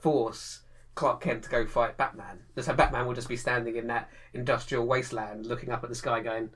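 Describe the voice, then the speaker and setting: A man's voice: medium pitch, a little fast. Chatty man, laughing a lot. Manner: animated, laughs often, acts out lines. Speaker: podcast co-host. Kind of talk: casual chat.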